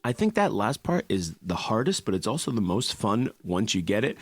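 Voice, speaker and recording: A man's voice: on the low side, very animated, moderate pace, hardly any pauses. A man teaching an online music class, playful and upbeat, mixing sung lines with spoken explanation. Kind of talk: online music lesson with singing.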